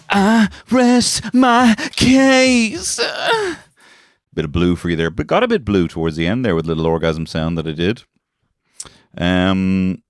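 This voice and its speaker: An Irish man in his thirties, a comedian hosting a podcast from his shed, rambling and swearing while high on weed. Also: darkish tone, smooth, dry recording, studio quality. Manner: rambling, swearing, laughing at his own jokes. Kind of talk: rambling comic monologue. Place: garden shed.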